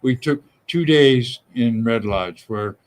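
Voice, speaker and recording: An older man, a guest on a talk show, telling stories in a relaxed, rambling way with lots of fillers. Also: medium pitch, rough recording. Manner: slow, rambling storytelling with many fillers. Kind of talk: casual chat.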